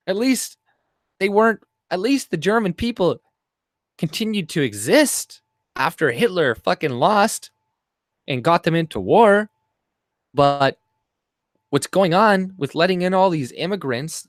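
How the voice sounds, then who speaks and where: A man's voice: on the high side, expressive, moderate pace, no room sound. A man from Canada giving a rambling, profane and scornful commentary while scrolling through posts. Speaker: commentary vlogger. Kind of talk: ranting screen-share commentary.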